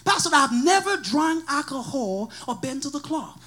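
A man from Africa with an African accent, preaching a sermon with a personal testimony in a sing-song, shouting style. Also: extremely high pitch, big pitch swings, moderate pace. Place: church.

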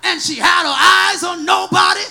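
A man from Africa with an African accent, preaching a sermon with a personal testimony in a sing-song, shouting style. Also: very high voice, moderate pace, gravelly, slight background noise. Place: church.

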